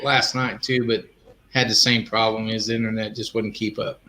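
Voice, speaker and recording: A man's voice: lowish voice, level tone, normal speed, pushed and bright, slight background noise. A man co-hosting a casual live-stream chat, easygoing and folksy, laughing often.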